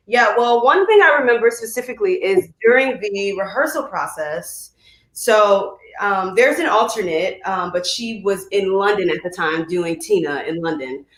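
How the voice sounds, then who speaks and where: A young woman from Chicago, a musical theatre actress, chatting in an interview, animated and laughing as she demos vocal exercises. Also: medium pitch, moderate pace, roomy sound. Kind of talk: casual video interview.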